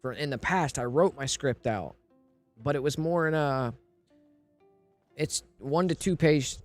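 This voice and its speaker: A man's voice: a little high, measured pace, faint music behind. A man streaming live, rambling and thinking aloud in casual talk, often repeating himself and asking if you know what he means.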